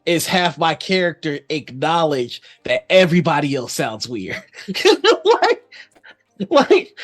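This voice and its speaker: Animated laughing woman, lively voice. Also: deep voice, slow, soft background music. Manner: laughing often, profane and animated. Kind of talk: casual stream chat.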